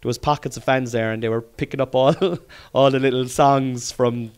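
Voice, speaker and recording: A man's voice: medium pitch, steady tone, moderate pace, clear, resonant tone. A middle-aged Irish man with a Cork accent, hosting a podcast in casual, rambling chat and swearing freely. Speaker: podcast host.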